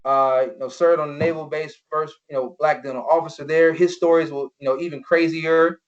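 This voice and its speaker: A young former football player guests on a podcast, telling personal stories earnestly, packing in "you know" fillers and acting out quoted voices. His voice is fairly high and fairly even in intonation, moving a little fast. The podcast audio is dull and lo-fi.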